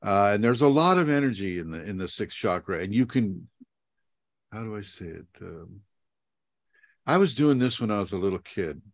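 A lower-pitched man answers questions on a video call, drifting into stories with many ums and self-mocking laughs. His voice sounds dry, with no room echo at all. He keeps an informal, teacherly tone. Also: lively intonation, moderate pace. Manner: meandering, laughs at himself, many fillers.

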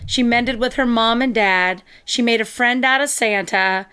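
Female co-host, fairly high voice, eager plot retelling, quick restarts, casual chat. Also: pushed and bright, clear, resonant tone. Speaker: podcast co-host. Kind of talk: casual movie review chat.

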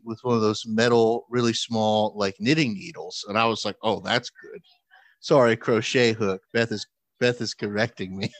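A man's voice: medium pitch, no room sound. A man telling a funny story in casual chat, acting out the people in it and laughing as he goes. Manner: animated, acts out quoted voices with laughs.

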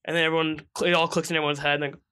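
Young guy, higher bright voice, animated storyteller who acts out voices. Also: very fast, clear, resonant tone. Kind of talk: casual chat.

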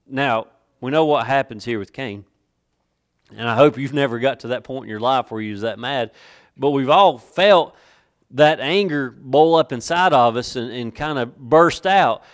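A male pastor preaches a sermon, breaking into slow, emphatic readings of King James scripture. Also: mid-range voice.

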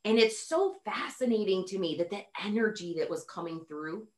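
A woman hosting a podcast, effusive and animated, acting out quotes as she talks. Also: mid-range voice, normal speed. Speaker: podcast host. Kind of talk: casual conversation.

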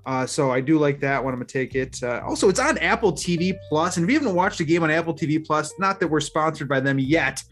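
A man's voice: on the high side, expressive, quick pace, few pauses, fairly bright tone, faint music behind. A man co-hosting a sports betting podcast, rambling through his picks in a chatty way with restarts. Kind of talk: casual chat.

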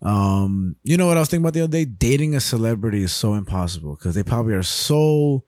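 A man's voice: fairly low pitch, animated, quick pace, a little mellow, no echo, clean studio sound. A man co-hosting a casual podcast, rambling and laughing often, with casual swearing. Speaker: podcast co-host.

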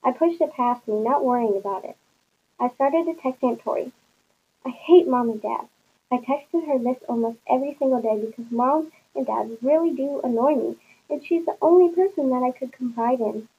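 Woman reading a story, high voice, breathy, muffled lo-fi sound. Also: fairly quick. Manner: plain storybook reading, puts on small voices for the dialogue. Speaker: narrator. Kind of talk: reading a first-person story aloud.

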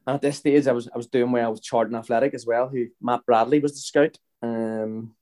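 A little fast and a little mellow, his mid-range voice keeps a steady tone. The Northern Irish footballer in his thirties tells rambling podcast anecdotes, often starting over and adding "you know what I mean" to check in with the listener.

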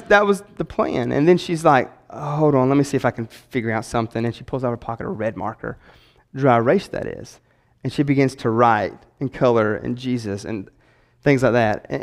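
A man, preaching a sermon in an animated way, repeating words and acting out quotes. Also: fairly high pitch. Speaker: pastor. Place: church sanctuary. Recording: long hall reverb.

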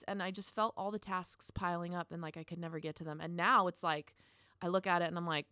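A woman's voice: fairly low pitch, fairly even intonation, fast talker, a bit bright, no room sound, clean studio sound. A woman in her thirties co-hosting a podcast, talking earnestly and encouragingly in long casual runs. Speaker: podcast co-host.

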